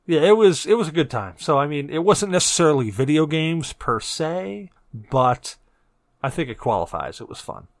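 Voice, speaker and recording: A middle-aged man co-hosting a podcast, telling animated and profane stories in casual chat. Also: on the high side, normal speed, dry recording, studio quality. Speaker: podcast co-host.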